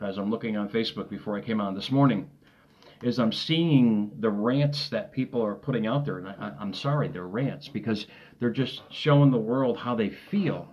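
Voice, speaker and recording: A man's voice: fairly low pitch, muffled recording. A man giving an early-morning motivational talk from his desk, upbeat and rambling, laughing often and repeating himself. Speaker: motivational coach. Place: home desk.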